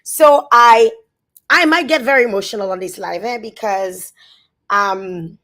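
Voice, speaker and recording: A woman with a Dominican accent, talking on a phone live stream. She speaks haltingly and repeats words as she tries to stay composed. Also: on the high side, sharp tone. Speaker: social media influencer. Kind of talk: emotional live-stream monologue.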